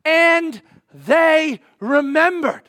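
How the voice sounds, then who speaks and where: A man preaching a sermon, acting out scenes in voices and swinging from loud bursts to hushed, slow passages. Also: very high voice, no room sound.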